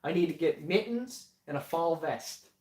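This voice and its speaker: A man's voice: a little high, animated, normal speed, darkish tone. A man co-hosting a casual unboxing livestream at home, joking and teasing. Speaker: livestream co-host. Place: home basement. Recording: echoey room, mic at a distance.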